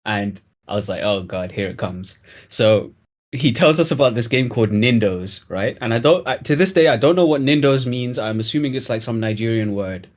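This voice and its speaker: A young man, a guest in a relaxed chat, tells a long story from his school days at a brisk pace. His pitch sits in an ordinary middle range, but he's an animated storyteller who punctuates key moments with sudden loud bursts, keeping the flow loose and chatty.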